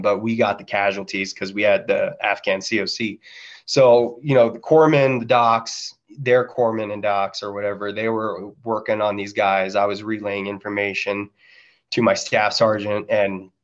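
In a lowish, level voice at normal speed, a man who served as a Marine recounts war stories as a podcast guest, casual, candid and full of profanity, with imitated gunfire. The recording sounds muffled.

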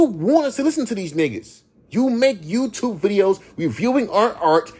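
A man's voice: big pitch swings, moderate pace, a little mellow, slightly rough. A man who raps, ranting heatedly on his solo podcast, swearing often and mocking his critics. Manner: imitates critics in a higher voice. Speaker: rapper and podcast host.

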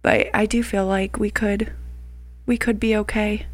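A woman in her thirties chatting casually with her partner as podcast co-host, telling stories in a lively way and acting out what others said. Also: medium pitch, measured pace. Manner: animated storyteller, acts out quotes with laughs. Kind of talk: casual couple chat.

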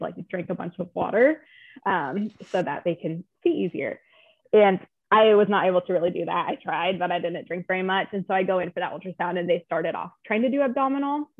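A woman's voice: fairly low pitch, no echo. A young woman in a casual interview, telling her story in a chatty, emotional way with lots of fillers. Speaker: guest. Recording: tinny phone-like line.

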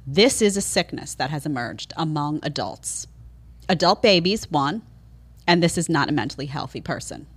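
A woman from New York hosting a podcast, giving opinionated, sarcastic commentary. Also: low voice. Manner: sarcastic, animated, mocking impressions. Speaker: podcast host.

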